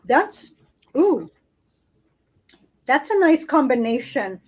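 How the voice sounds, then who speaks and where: A woman's voice: high-pitched, sing-song, takes it slowly, darkish tone, low-quality recording. A woman co-hosting a podcast, chatting casually and savoring food as she tastes it aloud. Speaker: podcast co-host. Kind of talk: casual food-tasting chat.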